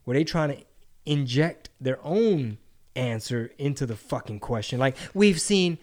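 A man chatting casually on a podcast. He swears freely and slangs it up, jumping into mocking impressions of people. His voice sits at an ordinary middle pitch. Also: expressive, unhurried. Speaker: podcast co-host. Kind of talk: casual profane chat.

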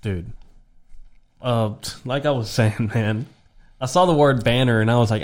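A man's voice: medium pitch, a little slow, a little mellow. A man who is a podcast guest, chatting casually and telling a story in a laid-back way, often saying "bro" and "dude".

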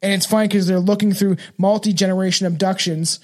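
A man with a fairly high voice hosts a podcast. He rambles in casual chat, reads from notes and stumbles through fillers and restarts. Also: steady tone, fast. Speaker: podcast host.

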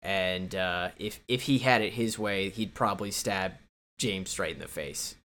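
A man's voice: deep voice, measured pace, a bit bright. A man co-hosting a casual movie podcast, blunt and profane, retelling scenes with laughs. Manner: blunt, swears, laughs between lines. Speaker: podcast co-host.

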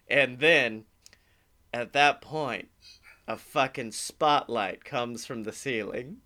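A man co-hosting a podcast, telling a comedic story in an animated, profane way and laughing as he goes. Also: medium pitch, takes it slowly. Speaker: podcast co-host.

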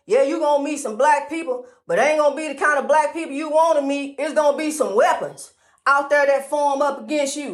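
A woman's voice: sits high, roomy sound. A woman giving a preachy, sing-song motivational monologue, calling the listener honey and repeating rhyming phrases.

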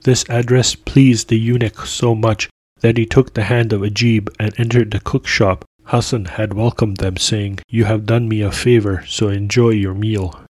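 A man narrating a classic tale aloud in a steady, measured storytelling manner. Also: on the low side, dry recording. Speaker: podcast narrator.

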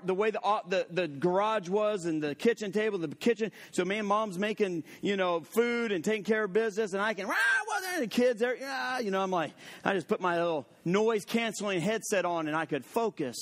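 A male pastor with a notably high voice delivers a lively sermon. He mixes personal stories with scripture and rises in volume for emphasis, a preacher in his late thirties or forties. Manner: animated, storytelling preacher who gets loud for emphasis.

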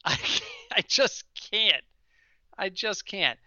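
A man co-hosting a casual sports podcast, telling stories in an animated way and ranting toward comic punchlines. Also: high voice, slow, no echo, muffled recording. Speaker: podcast co-host.

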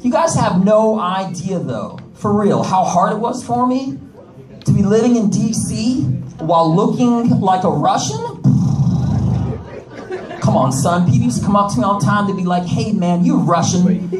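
A man's voice: high voice, animated, moderate pace, echoey room, distant mic, music in the background, poor audio. A man doing a stand-up comedy set, with brash joking asides to the audience. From United States. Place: comedy club stage.

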